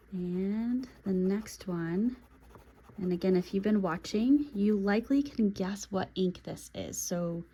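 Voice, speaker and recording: A young woman making a relaxed, chatty vlog about her pens and inks, pausing now and then as she writes. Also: medium pitch, breathy edge. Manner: chatty and relaxed, with pauses while writing. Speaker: pen and planner video creator. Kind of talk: casual vlog talk while writing.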